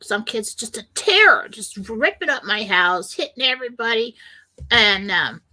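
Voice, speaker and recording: A woman's voice: fairly high pitch, animated, moderate pace, sharp tone, a little hiss or hum. A middle-aged woman hosting a spiritual self-help radio talk, speaking earnestly and rambling a little, sometimes acting out panicked voices. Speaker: radio show host.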